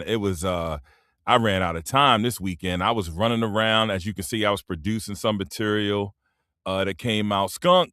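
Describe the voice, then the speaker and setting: A man hosting a casual live stream, talking in a laid-back, rambling way into a simple microphone, often clearing his throat. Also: lowish voice, a bit bright, no room sound, clean studio sound.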